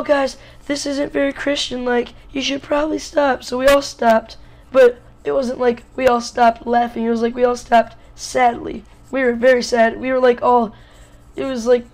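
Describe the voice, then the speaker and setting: A boy in his early teens from Wisconsin tells a storytime vlog in a slightly hoarse voice. He jokes and rambles, filling his talk with "like.". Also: extremely high pitch, poor audio. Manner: jokey, rambling, lots of "like" fillers. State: a little hoarse. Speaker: vlogger.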